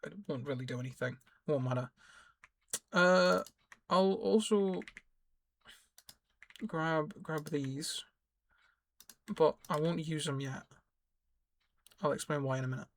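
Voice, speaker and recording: A man's voice: fairly high pitch, takes it slowly, long pauses. Man rambling through a game tutorial. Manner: rambling, self-correcting, explains as he plays. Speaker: gaming YouTuber. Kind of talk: casual gameplay tutorial commentary.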